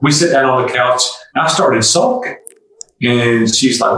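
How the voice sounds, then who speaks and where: A man's voice: mid-range voice, moderate pace, creaky, a bit bright, recorded from a distance. An older man, a guest entrepreneur, telling personal stories in an earnest, confessional way during an interview. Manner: earnest, confessional, acts out dialogue. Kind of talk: candid storytelling interview. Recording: echoey room, off-mic.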